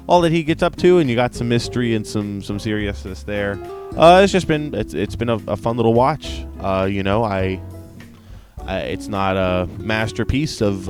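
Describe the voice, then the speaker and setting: A man reviewing anime in a casual, rambling way, with lots of fillers, restarts and tag questions, laughing often when something amuses him. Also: fairly low pitch. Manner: rambling, many restarts and fillers, frequent "right?".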